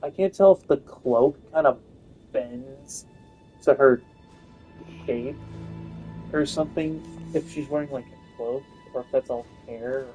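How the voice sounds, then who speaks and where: A man's voice: medium pitch, unhurried, long pauses, mellow, soft background music, low-quality recording. A young man giving casual gameplay commentary, rambling with lots of fillers and self-corrections. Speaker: gaming video host.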